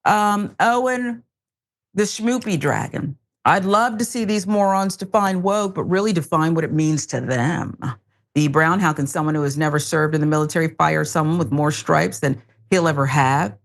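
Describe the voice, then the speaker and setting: A woman's voice: low-pitched, moderate pace. Playful woman hosting a live stream. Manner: playful, laughing, teasing. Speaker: show host. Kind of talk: casual live-stream chat.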